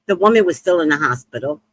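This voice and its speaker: A middle-aged woman casually telling a story about her shop, animated and swooping high when she acts out other people. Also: brisk, no room sound.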